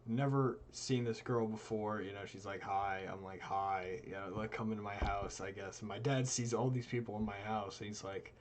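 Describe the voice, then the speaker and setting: Young male co-host, low voice, animated storyteller, faint room noise. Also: moderate pace, few pauses. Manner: animated, voices quoted friends with big jumps in pitch. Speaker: live stream co-host. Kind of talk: casual storytelling.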